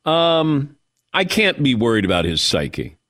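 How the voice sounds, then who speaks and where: A man's voice: mid-range voice, measured pace, no echo, studio quality. A man hosting a sports talk show, chatting and riffing with his crew. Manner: animated, mimics players with mock voices.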